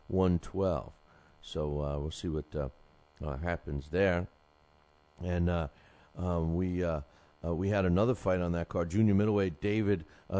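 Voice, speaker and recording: On his boxing show, a man rambles through the results with lots of fillers, his throat sore from a cough drop, in casual live show chat. His voice sits low with a dark tone, and the recording is dry.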